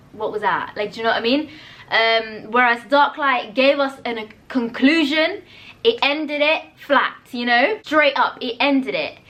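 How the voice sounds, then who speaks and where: A young woman chatting casually and bluntly as a vlogger reviewing films, animated and talkative. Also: on the high side. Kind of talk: casual chat.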